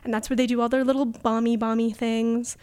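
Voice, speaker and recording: A woman's voice: a little high, level tone, brisk, darkish tone. Rambling young woman recapping a movie. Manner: rambling, giggly, swears freely. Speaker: podcast co-host. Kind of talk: casual comedic movie recap.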